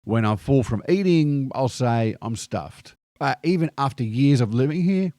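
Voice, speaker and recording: A man's voice: medium pitch, unhurried, no echo, studio quality. Australian man telling anecdotes. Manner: lively anecdotal delivery sprinkled with slang. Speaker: video host. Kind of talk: scripted storytelling monologue.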